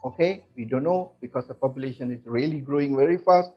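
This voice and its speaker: A man giving an animated, salesy product talk to members, often filling with "okay". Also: mid-range voice, fast talker. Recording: muffled lo-fi recording.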